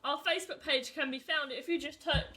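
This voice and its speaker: A woman's voice: high voice, steady tone, brisk, bright, forceful tone, a little hiss or hum. A tired woman co-hosting a podcast in casual chat, giggly and self-deprecating. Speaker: podcast co-host.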